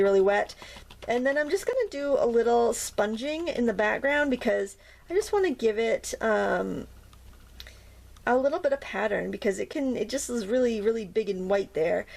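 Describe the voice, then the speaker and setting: Chatty woman demonstrating crafts, slightly high. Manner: chatty, gentle, gushes over the results. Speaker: craft tutorial host. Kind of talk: casual step-by-step demonstration.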